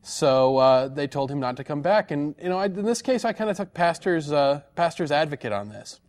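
A man's voice: on the high side, animated, a little fast, darkish tone. A man hosting a live weekly call-in program, talking casually with frequent fillers and restarts. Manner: chatty, many fillers and restarts. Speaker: host of a call-in show.

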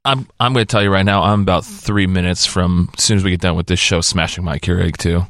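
A man's voice: deep voice, fairly even intonation, fast, fairly bright tone, dry recording. A man co-hosting a talk radio show, chatting casually with dry quips. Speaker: radio co-host.

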